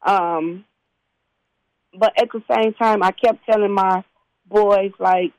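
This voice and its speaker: A woman football coach talks in a relaxed, conversational way, leaning on fillers as she goes. The sound is dry and close. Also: medium pitch, slow, no room sound, low-quality recording. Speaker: high school football head coach. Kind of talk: casual interview talk.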